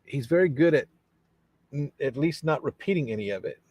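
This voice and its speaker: A man's voice: medium pitch, lively intonation, fairly quick, darkish tone, dry recording. A man hosting a casual live stream, rambling in a friendly way as he reads viewer comments aloud and answers them. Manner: friendly, many fillers and restarts.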